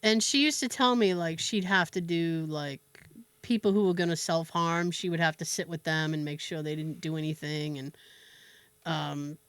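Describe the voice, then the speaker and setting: A woman hosting a podcast, telling a story in a casual, animated way with laughs and swearing. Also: low-pitched, normal speed, clean tone, no echo. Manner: animated, laughing, profane, with fillers. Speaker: podcast host.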